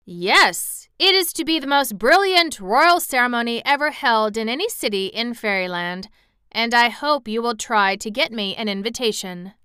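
A woman reading aloud and voicing a grand, gracious male fox king in a storybook, with a courtly, flattering manner. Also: fairly high pitch, normal speed, smooth, dry recording, clean studio sound, pitched above the performer's own voice.

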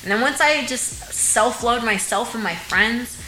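A young woman guest in a casual podcast chat, an animated storyteller who laughs often and slips into Spanish. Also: fairly high pitch, unhurried, roomy sound, low-quality recording.

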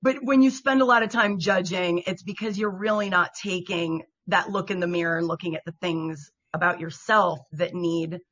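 A woman's voice: fairly low pitch, fairly even intonation, moderate pace, few pauses, fairly bright tone. A woman co-hosting a podcast who chats casually and explains earnestly. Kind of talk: casual chat.

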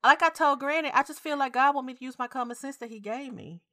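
A woman co-hosting a podcast in casual chat, animated and emotional, laughing often. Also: high-pitched, fast, no echo, studio quality. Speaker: podcast co-host.

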